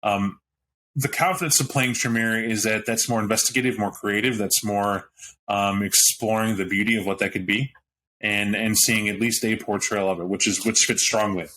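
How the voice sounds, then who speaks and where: A man's voice: fairly low pitch, fairly even intonation, moderate pace, pushed and bright, a little hiss or hum. A man on a podcast panel, talking animatedly about a tabletop game with frequent restarts and asides. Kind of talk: casual roundtable chat about a tabletop game.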